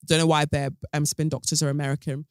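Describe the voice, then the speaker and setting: A man hosting a casual commentary podcast, gossipy and animated, with plenty of ums and sassy asides. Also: on the high side, fast talker, clean tone, no room sound. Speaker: podcast host.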